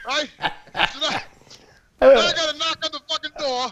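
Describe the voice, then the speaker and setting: A man's voice: very high-pitched, moderate pace, long pauses, a bit bright. A man telling a crude comic story outdoors, profane and stammering over his words. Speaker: guest calling in. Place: outdoors on a work job.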